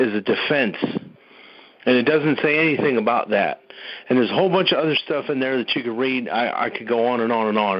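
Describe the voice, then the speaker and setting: A man's voice: mid-range voice, no room sound. A man giving a folksy, emphatic talk on a conference call, with "y'all" and frequent restarts. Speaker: caller speaking on a conference call. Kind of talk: impassioned speech on a call. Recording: dull, muffled phone-call audio.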